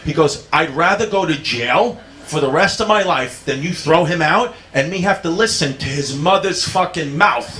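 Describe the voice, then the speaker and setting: A man doing stand-up, telling a story loudly with frequent laughter and a drunken slur. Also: fairly high pitch, animated, moderate pace. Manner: loud, laughing, drunken delivery. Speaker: stand-up comedian. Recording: comedy club recording with ambience.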